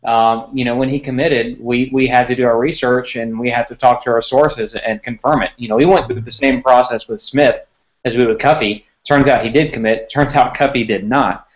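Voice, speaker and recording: Man, sports recruiting reporter, casual podcast chat, mid pitch, slightly dull lo-fi sound. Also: steady tone, moderate pace. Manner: conversational, repeats words while thinking.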